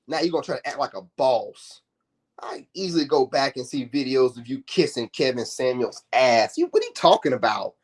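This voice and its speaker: A man delivering a confrontational, mocking commentary rant in slangy speech, his voice climbing higher in heated outbursts. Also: expressive, a little fast. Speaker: self-help commentator. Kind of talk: ranting commentary.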